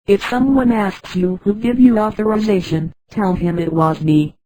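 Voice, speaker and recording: A man's voice: sits high, moderate pace, no echo, natural voice, low-quality recording. A synthetic woman's voice reading as a commanding pirate governor. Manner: even, machine-read delivery of orders. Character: commanding male pirate governor, self-assured.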